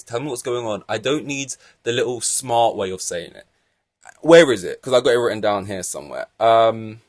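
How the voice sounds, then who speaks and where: A young man hosting a casual solo podcast, talking in an animated, exasperated way and swearing freely. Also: lowish voice, dry recording. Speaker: podcast host.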